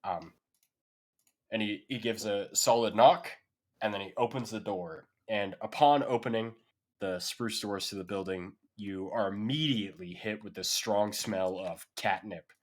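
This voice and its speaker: A man's voice: lowish voice, a little slow. A man narrating a tabletop game as game master, casual and full of fillers. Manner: casual, loose descriptions with many fillers.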